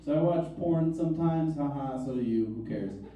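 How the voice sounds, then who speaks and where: Comedian in his thirties, self-mocking and wry, with a soft, mellow tone; the recording is distant. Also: fairly high pitch, moderate pace. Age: 30s. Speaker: stand-up comedian. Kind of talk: stand-up comedy set. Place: comedy club stage. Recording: echoey club, mic from far off.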